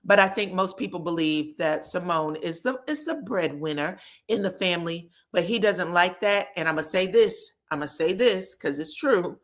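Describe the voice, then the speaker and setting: A woman's voice: on the low side, normal speed, hardly any pauses. A woman giving sassy, chatty commentary on reality TV gossip, talking straight to her viewers. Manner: sassy, chatty, calls viewers "child" and "girl". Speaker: pop culture commentator.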